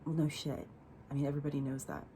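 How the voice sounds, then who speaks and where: A young woman with a low-pitched voice recounts a painful family story straight to camera. She talks in a raw, unfiltered way, swearing often and circling back with fillers. A faint hiss sits under her voice. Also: expressive, fast talker, dark tone. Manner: profane, raw and emotional, rambling with fillers. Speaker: vlogger telling a personal story. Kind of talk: candid storytime monologue.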